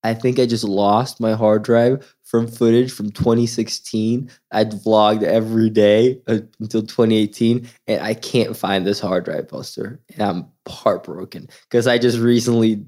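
A young man who grew up in Sweden, a podcast guest telling lively anecdotes in casual chat and acting out the voices of the people in them. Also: fairly low pitch, measured pace, few pauses. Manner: animated storyteller, acts out voices in quoted lines. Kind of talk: casual storytelling.

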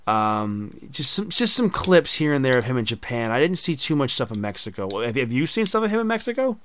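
A man's voice: mid-range voice, big pitch swings, fairly quick, fairly bright tone, dry recording. A man hosting a casual podcast chat, telling stories animatedly and acting out quoted voices. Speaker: podcast host.

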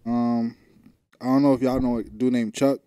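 A man co-hosting a casual podcast, talking in relaxed, rambling slang. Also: mid-range voice, moderate pace, clear, resonant tone, no room sound, clean studio sound. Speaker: podcast co-host.

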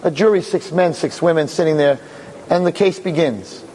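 Animated male storyteller, higher voice. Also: normal speed, a little hiss or hum, rough recording. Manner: lively, acts out every character.

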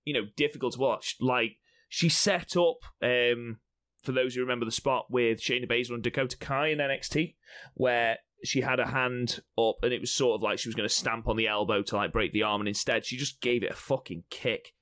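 A man's voice: medium pitch, fairly even intonation, brisk, a bit bright. A young man co-hosting a casual podcast chat, teasing and swearing freely. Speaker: podcast co-host.

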